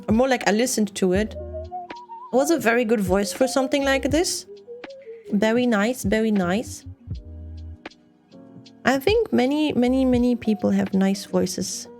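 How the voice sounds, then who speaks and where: A woman's voice: mid-range voice, darkish tone. A young woman streamer with a non-native English accent, chatting casually and laughing often while she builds a model kit. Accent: non-native English speaker.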